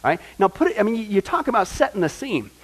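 A man's voice: sits high, quick pace, husky, rough recording. A man teaching a Bible study in a conversational, emphatic way, often checking in with "right?" and "okay?". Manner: emphatic, builds to excited points.

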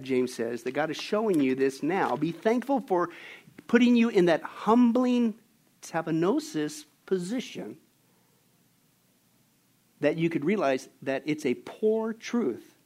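High-voiced animated preacher. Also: male voice, a little slow, long pauses. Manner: animated, storytelling, emphatic. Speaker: pastor. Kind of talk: sermon.

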